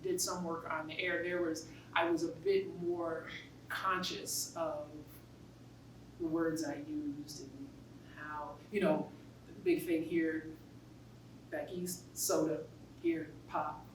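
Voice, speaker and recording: A middle-aged woman with a New York accent, speaking casually to a class in a lowish voice and telling stories with plenty of animation. She sounds far from the mic in a roomy classroom, with faint background hiss. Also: takes it slowly. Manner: animated storytelling, laughs often. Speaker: guest speaker.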